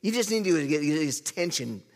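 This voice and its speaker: A man delivers a lively sermon with a fairly high voice, telling the story in a playful, conversational way. He keeps turning to the crowd with questions. His voice rings out with a long reverb in a large hall. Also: normal speed. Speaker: preacher.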